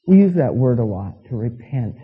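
A man's voice: mid-range voice, very animated, normal speed, husky. A man preaching a sermon as pastor, telling stories and acting out quoted voices with emphasis. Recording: tinny phone-like sound with long reverb.

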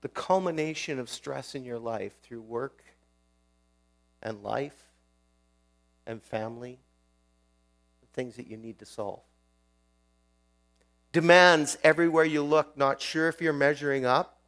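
A man's voice: medium pitch, measured pace, pauses often, fairly bright tone. A male pastor preaching a sermon in a conversational way, often putting questions to his listeners.

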